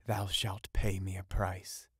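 A man's voice: low-pitched, flat delivery, husky, no room sound, studio quality, exaggerated voice. A man voicing a whispering seductive sea witch. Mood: enticing. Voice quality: hushed, whispering. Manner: slow, teasing, crooning.

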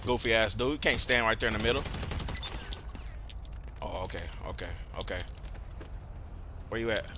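A man's voice: a little high, noisy background. Slangy young man trash-talking over gameplay. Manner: slangy trash talk to other players. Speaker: gameplay commentator. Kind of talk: live gameplay commentary. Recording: loud game sounds under the voice.

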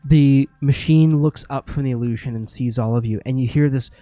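A man's voice: mid-range voice, normal speed, warm tone, no echo. A man running a tabletop game as game master, narrating vividly and mimicking sound effects.

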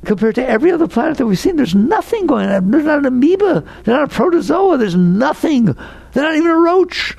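A man giving an inspirational talk as a spiritual teacher, animated and acting out anxious inner voices. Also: very high voice, a little fast, gravelly, no echo.

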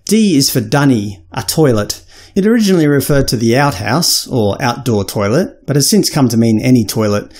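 Australian man, 30s, casual scripted explainer, wry and cheeky, average pitch. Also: animated, normal speed, a little mellow. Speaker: vlogger explaining slang.

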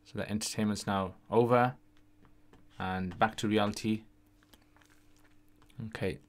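A man with a lowish voice speaks in a steady, unhurried way. He's hosting a casual livestream Q&A, answering questions in a chatty style and often ending sentences with "yeah?"

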